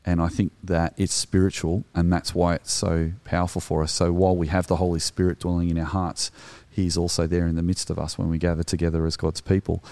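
This middle-aged Australian man co-hosting a casual podcast speaks with little pitch movement in a low, darkish voice, fairly quickly and with few pauses. He is earnest and reflective, hesitating often, and the recording has no room sound.

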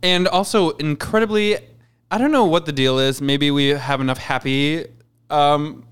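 A man co-hosting a chatty podcast, with a slightly raised pitch and a smooth, resonant voice. He talks with wry, playful humor, dropping quick quips. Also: fairly bright tone. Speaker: podcast co-host. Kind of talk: casual chat.

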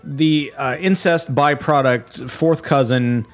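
A man co-hosting a casual comedy podcast, reviewing snacks with crude deadpan jokes. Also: medium pitch, slow, soft background music. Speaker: podcast co-host.

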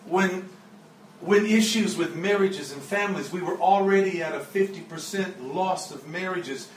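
High-voiced man preaching in an echoey room. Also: moderate pace, a little hiss or hum. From Joplin, Missouri area. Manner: earnest, emotional storytelling with laughs. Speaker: guest preacher. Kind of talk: storytelling sermon. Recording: echoey room, mic at a distance.

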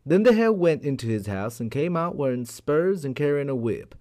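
A man telling a folk tale aloud as a storyteller, in an expressive, unhurried manner. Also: a little high. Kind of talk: animated storytelling.

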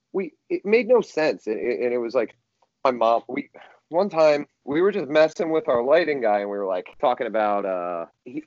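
A man rambles through a story as a podcast guest, his pitch bouncing all over as he piles up restarts and fillers. The sound is dry and a little dull, close to the mic. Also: darkish tone, no echo. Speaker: musician guest.

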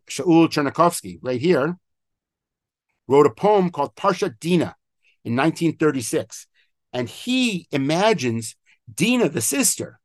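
A man's voice: a little high, no echo, studio quality. A middle-aged man, a rabbi, teaching an online class, explaining and quoting old texts with frequent fillers. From Israel. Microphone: video call microphone.

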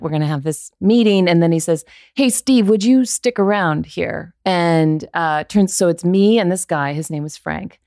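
A woman's voice: sits low, vocal fry, no echo, studio quality. A woman in her forties, a voiceover actor, telling a story in a conversational interview and acting out the lines she quotes. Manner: animated, acts out quoted lines.

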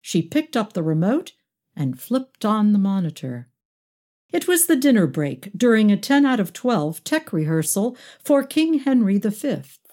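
A woman narrates fiction in an expressive, wry read. Her pitch moves a lot and she keeps an unhurried pace. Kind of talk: audiobook narration.

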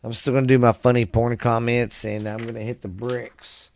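A man's voice: mid-range voice, level tone, moderate pace, gravelly, a little mellow. A tired man hosting his own podcast in loose, rambling, crude casual chat, coughing and trailing off. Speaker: podcast host.

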